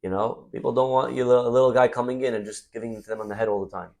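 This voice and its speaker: A man's voice: medium pitch, steady tone, very fast, creaky, a little mellow, close to an everyday voice. A man voicing a blunt synagogue president who gives a warning.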